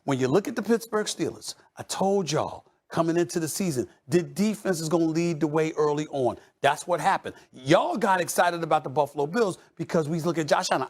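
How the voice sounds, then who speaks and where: A man hosting a heated sports debate show, loud and emphatic, teasing his co-hosts and repeating himself for effect. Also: sits high.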